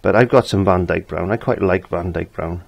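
This is an older man leading a relaxed painting tutorial. His voice sits low with a husky edge. He chats freely and circles back over his own phrases as he explains each step. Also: normal speed, highs cut off. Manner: chatty, repeats his phrases. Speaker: painting teacher.

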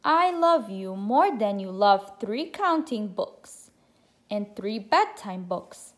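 A woman voicing a gentle, loving mother bear in a children's storybook, speaking tenderly. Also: medium pitch, very animated, slow pace.

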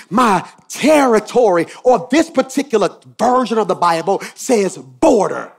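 A male pastor preaching a sermon, swinging from quiet asides to shouted emphasis and repeating phrases for effect. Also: high voice, lively intonation, a little slow, creaky, hardly any pauses.

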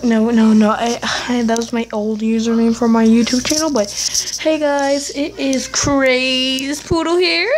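A woman's voice: on the high side, fairly even intonation, a little slow, hardly any pauses, rough recording. A woman giving casual gameplay commentary for her channel, rambling and blunt as she talks to herself. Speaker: gaming YouTuber.

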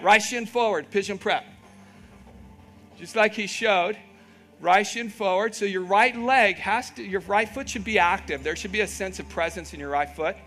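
A man's voice: high-pitched, normal speed, pushed and bright, soft background music. A man teaching a live yoga class, giving encouraging cues, checking in with "okay?", and making playful asides.

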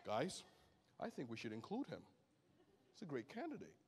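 A preacher doing a low, hushed voice for God as a gentle fatherly deity. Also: wildly swooping pitch, moderate pace, husky, big-room sound, full character voice. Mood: tender.

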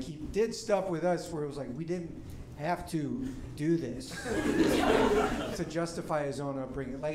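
A man's voice: on the high side, roomy sound. A man from the Atlanta suburbs doing a stand-up comedy set in a club, talking casually with loose asides. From Atlanta suburbs, US South. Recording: loud background noise.

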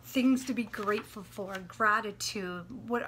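A woman in her late twenties, talking in a personal vlog, anxious and near tears, with a dry throat, halting and often dropping to a whisper. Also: medium pitch, fairly bright tone, a little hiss or hum. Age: 20s. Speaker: vlogger. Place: warm apartment room.

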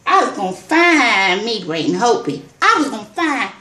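A woman vlogger telling an excited personal story, exclaiming, repeating herself and calling her viewers y'all. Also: a little high, normal speed, echoey room.

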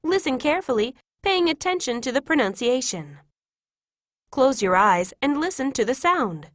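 A woman reading example classroom phrases in a clear, careful, instructive way. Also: high voice, very animated, moderate pace, dry recording, clean studio sound. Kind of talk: scripted reading of example sentences.

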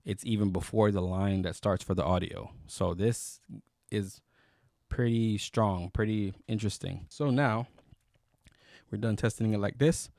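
A man's voice: on the low side, unhurried, a little mellow, no room sound, studio quality. A man casually reviewing microphones on camera, rambling with fillers and restarts. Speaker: YouTube gear reviewer. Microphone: close studio microphone.

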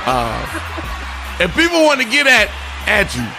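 A man hosting a casual radio interview, hyping up his guest with animated, slangy banter. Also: sits high, slow, over loud music. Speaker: host.

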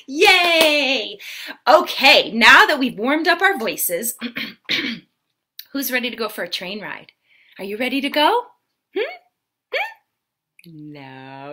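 A woman's voice: a little high, bright, forceful tone. A woman hosting a live-stream story time for preschoolers, with a sing-song, exaggerated way of talking to small children. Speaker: children's entertainer host.

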